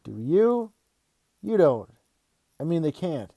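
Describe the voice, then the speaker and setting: A young storybook boy, pitched high and impatient with his father, as a man reading aloud puts him on. The voice is warm and dry, close to the mic, half exasperated, half thrilled. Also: very animated, takes it slowly, no echo. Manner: pleading, impatient, easily thrilled. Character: fifth-grade boy, exasperated by his dad.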